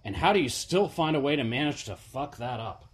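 A man's voice: medium pitch, lively intonation, fairly quick. Laid-back man co-hosting a podcast. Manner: laid-back, quotes film lines with laughs. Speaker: podcast co-host. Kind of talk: casual chat.

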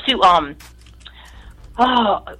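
A woman's voice: medium pitch, extremely slow, poor audio. A woman guest in casual chat, telling stories bluntly with lots of swearing and acted-out voices. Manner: blunt, profane storytelling with lively mimicry.

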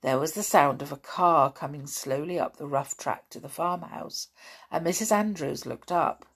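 A woman reading a classic children's story aloud, steady and expressive. Her voice sits fairly low, with a husky, breathy edge and a creaky, gravelly grain. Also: normal speed.

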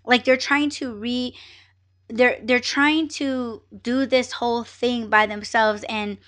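A woman hosting a podcast, telling a story in a casual, animated and profane way, with many fillers and acted-out exchanges. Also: a little high, slow. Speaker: podcast host.

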